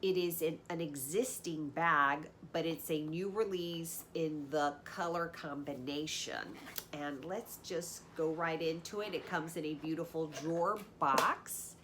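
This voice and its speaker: A woman's voice: sits low, noisy background. A woman in her fifties with a congested, nasal voice from a sinus cold, chatting enthusiastically as host of her luxury unboxing channel. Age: 50s. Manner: enthusiastic, chatty, drawn-out emphasis on words. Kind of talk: casual direct-to-camera chat.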